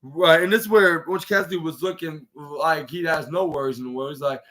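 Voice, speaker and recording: A man's voice: fairly high pitch, fairly quick, a bit bright. A man hosting a podcast, recapping a show in a rambling, casual way with lots of fillers and restarts. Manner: rambling, heavy use of "like" and restarts. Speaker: wrestling podcast host.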